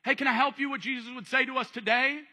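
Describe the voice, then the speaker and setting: High, bright-voiced preacher man. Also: fast. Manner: animated storytelling, acting out voices. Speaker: pastor. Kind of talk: sermon. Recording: long hall reverb.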